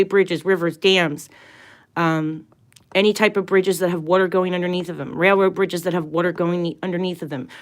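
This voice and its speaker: A woman hosting a tarot and astrology livestream, talking casually in an earnest, emphatic way, rambling and restarting her sentences often. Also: lowish voice.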